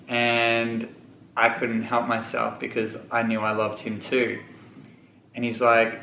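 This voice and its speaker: Young male vlogger, emotional and tearful, crisp voice, slight background hum. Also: medium pitch, fairly bright tone, muffled recording. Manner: candid, tearful, holding back tears. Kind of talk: emotional storytime to camera. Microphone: camera mic. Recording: echoey room.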